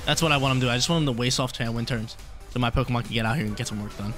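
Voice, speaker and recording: Fast-talking man commentating his own game. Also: medium pitch, faint music behind. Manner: excitable, repeats himself, slangy. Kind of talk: casual play-by-play of an online battle.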